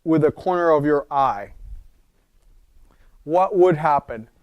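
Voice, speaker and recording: Man teaching a wellness class, keeps asking the audience okay?, smooth voice, dry sound. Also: a little high, expressive, slow, darkish tone, no room sound. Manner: explanatory, asks the audience questions. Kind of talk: informal lecture. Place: wellness center talk.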